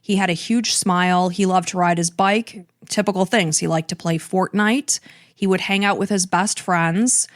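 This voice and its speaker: A woman's voice: medium pitch, no echo, studio quality. A woman hosting a true crime podcast, earnestly recounting events step by step. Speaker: podcast host.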